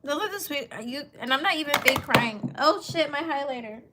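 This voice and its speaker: A woman's voice: high voice, animated, brisk, background noise. A woman in her twenties chatting casually as a vlogger, playful and slangy, laughing often. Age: 20s. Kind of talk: casual chat reacting to comments.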